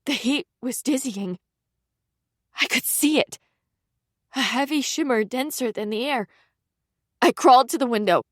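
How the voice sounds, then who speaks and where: A woman narrating a suspense audiobook in the first person, with a measured, tense reading. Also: a little high, no room sound, clean studio sound.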